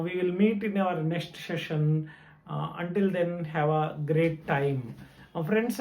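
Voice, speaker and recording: Man, Telugu accent, slow hesitant teaching, fairly high voice, echoey room. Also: a little mellow. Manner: slow and deliberate, many hesitations, repeats example sentences. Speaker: English teacher. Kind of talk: grammar lesson.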